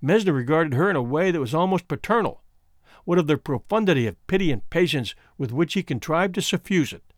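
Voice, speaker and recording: Male narrator, audiobook, lively pitch, fairly high voice, dry close sound. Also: brisk, no room sound.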